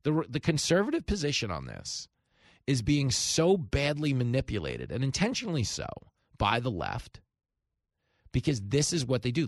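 A man, hosting a talk radio show with animated, sarcastic commentary. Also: mid-range voice, dry recording, studio quality. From New York.

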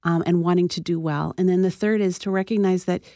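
Calm woman therapist, low voice. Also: dry recording, clean studio sound. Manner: calm explanatory, measured advice-giving. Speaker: therapist guest. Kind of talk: radio talk show interview.

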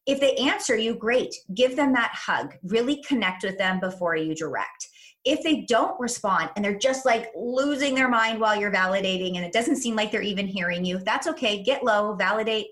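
A woman parenting coach, a younger adult, giving advice in a chat and explaining things clearly step by step. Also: medium pitch, moderate pace, a bit bright.

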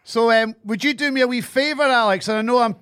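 Very high-pitched Scottish male host. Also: quick pace, fairly bright tone, clean tone. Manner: teasing, leads the questions. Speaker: podcast host. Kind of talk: casual podcast interview.

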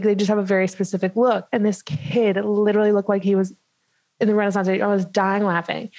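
A woman in her twenties tells a story with lots of "like" fillers. She is animated and laughs as she talks. The close mic is very dry. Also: mid-range voice, dry recording, low-quality recording. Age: 20s. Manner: animated, many "like" fillers, laughs while telling. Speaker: podcast co-host. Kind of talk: casual storytelling chat.

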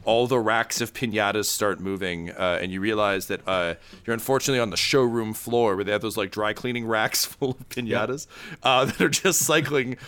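Game master, man, smooth clear voice, lowish, rambling narration. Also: brisk, a bit bright. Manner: rambling, many fillers.

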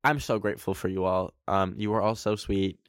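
A man's voice: low-pitched, fairly quick, clear, resonant tone, dry recording, studio quality. A young man hosting a casual solo podcast, goofy and rambling with lots of fillers and laughs. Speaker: podcast host.

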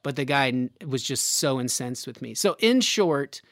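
A man on a podcast telling a story casually, laughing as he goes and jumping up high for the voices of people he quotes. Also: lively intonation, moderate pace, fairly bright tone, dry recording, studio quality. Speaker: podcast guest.

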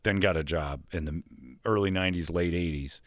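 A radio host in casual podcast chat, telling rambling stories with many restarts. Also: male voice, low-pitched, fairly quick, dry recording. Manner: rambling storyteller, lots of restarts and impressions.

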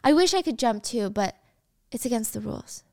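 A woman voicing a calm, fearless teenage girl who speaks evenly in a story recap. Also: fairly high pitch, fairly quick, vocal fry, no room sound, studio quality. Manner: calm, level.

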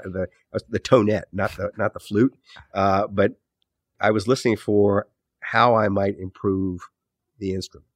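A middle-aged man with a low-pitched voice speaks thoughtfully as an interview guest. He restarts his sentences and lets his phrases sink off quietly. His voice is recorded close and dry, with no room sound. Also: no echo. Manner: thoughtful, self-correcting, trailing off low at phrase ends. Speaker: author and podcast host, guest. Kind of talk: conversational interview answers.

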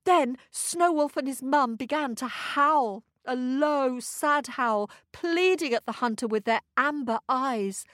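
Woman reading a bedtime kids story, slow and lively, high voice, dry close sound. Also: dry recording. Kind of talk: children's storybook narration.

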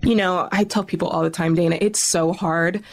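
A woman guest telling a personal story in an interview, emphatic and animated. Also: on the low side, moderate pace.

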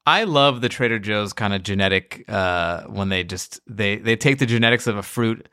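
A man's voice: lowish voice, moderate pace, bright, forceful tone, no room sound, clean studio sound. A man hosting a podcast, bantering casually with jokes and chuckles. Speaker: podcast host. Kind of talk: casual chat.

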